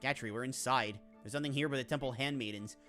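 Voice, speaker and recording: A woman voicing a calm, earnest young male commander who speaks in a flat, plain, subdued way. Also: a bass voice, fast talker, faint music behind, pitched below the performer's own voice.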